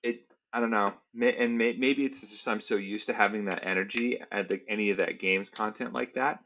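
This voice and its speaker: A man with a low voice co-hosts a podcast in loose, casual chat. He rambles and leans heavily on filler words. The audio sounds a little dull and lo-fi. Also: steady tone, a little fast, bright, forceful tone, slight background noise. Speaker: podcast co-host.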